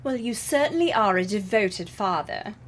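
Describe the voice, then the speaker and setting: A woman's voice: medium pitch, expressive, moderate pace, slight background noise, lightly acted. A woman playing a giggly, gushing neighbor who talks in a sing-song way, in a scene reading.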